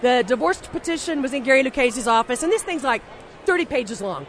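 A woman guest in an interview, telling blunt, animated stories in a casual way with frequent restarts and some swearing. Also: high voice, a little fast, slight background noise. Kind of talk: casual anecdotal storytelling.

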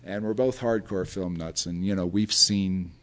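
An older man tells long, rambling anecdotes in a relaxed interview. His voice sits a little low, and he keeps acting out other people's lines with bursts of laughter along the way. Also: normal speed. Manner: rambling, animated storyteller who acts out quotes and laughs often. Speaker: film historian guest. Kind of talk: casual anecdotal storytelling.

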